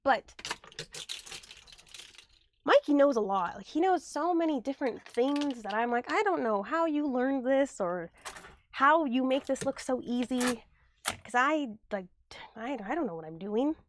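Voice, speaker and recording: A woman's voice: sits high, animated, measured pace, pauses often, slight background noise. A young woman recovering from illness, chatting casually on a livestream from a room at home, thanking viewers and muttering asides to herself as she tidies.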